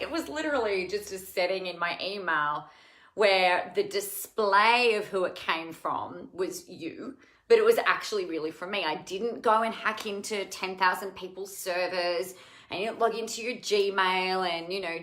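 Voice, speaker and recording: A woman's voice: mid-range voice, expressive, normal speed, bright, forceful tone, echoey room. A woman from Australia hosting a casual live stream at home, chatting in a rambling way and greeting viewers by name. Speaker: live show host. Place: home room with cats.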